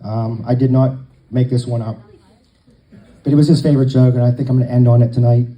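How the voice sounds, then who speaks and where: A man's voice: medium pitch, level tone, a little fast, mellow, poor audio. A man telling long jokes to a live crowd, a folksy storyteller who acts out the dialogue.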